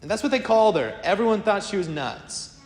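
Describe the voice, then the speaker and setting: A man preaching a sermon as a priest, telling stories in a lively, conversational way. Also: high voice, a little fast. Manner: lively storytelling, acts out quoted voices; casual, conversational preaching to a congregation. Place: church. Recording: echoey church with long reverb.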